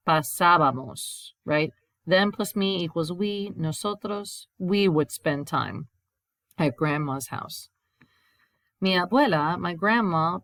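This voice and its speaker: A woman with a low voice talks through a recorded grammar lesson, explaining each step and reading example sentences aloud before translating them. The sound is dry and close to the mic, with no room around it. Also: fairly bright tone, no room sound. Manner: explains step by step, reads examples in Spanish then English. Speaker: Spanish teacher.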